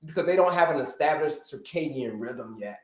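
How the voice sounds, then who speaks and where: High-voiced man teaching in a roomy echo. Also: fairly quick. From United States. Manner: animated teacher, repeats key points, greets viewers by name. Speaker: health coach, livestream host. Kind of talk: livestream health lesson. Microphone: livestream setup.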